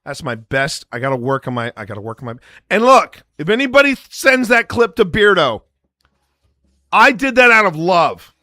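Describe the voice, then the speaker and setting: A man's voice: high-pitched, very animated, moderate pace, sharp tone, no room sound, clean studio sound. A man hosting a live stream, explaining his editing method in a rambling, jokey way and talking straight to the chat. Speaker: paranormal investigator and live stream host.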